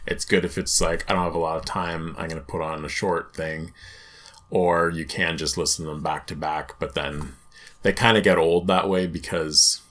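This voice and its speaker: A man co-hosting a casual podcast, talking in a relaxed, offhand way with frequent chuckles. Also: low voice, normal speed. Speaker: podcast co-host.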